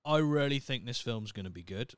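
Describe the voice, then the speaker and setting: A man's voice: mid-range voice, expressive, fairly quick, smooth, no room sound. Blunt, sweary male podcast host. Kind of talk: casual solo podcast rant.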